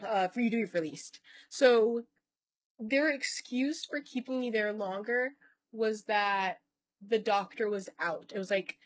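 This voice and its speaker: A woman vlogger with a mid-range voice tells a long personal story, speaking a little slowly on a dry recording. She rambles casually, corrects herself, swears now and then, and acts out other people's lines in quoted voices.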